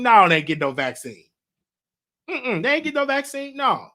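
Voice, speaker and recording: Man, show host, casual monologue, very high voice, bright tone, repetitive restarts. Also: normal speed. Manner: animated, repetitive, stammering restarts.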